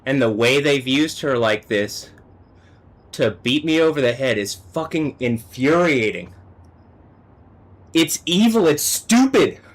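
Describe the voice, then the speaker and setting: A man on a live stream, talking alone in an agitated, profane rant that swings between low muttering and yelling. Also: expressive, takes it slowly, long pauses. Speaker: livestreamer.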